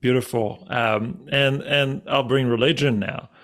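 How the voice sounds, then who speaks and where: A man hosting a podcast interview, affirming the guest and asking long, halting questions. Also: medium pitch, fairly even intonation, a bit bright. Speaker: podcast host.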